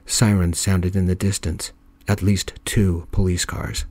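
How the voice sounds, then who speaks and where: A man telling a story in a calm, soft-spoken ASMR style. His voice is very deep and mellow. The recording is close and dry, with no room sound. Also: dry recording. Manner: calm, measured narration.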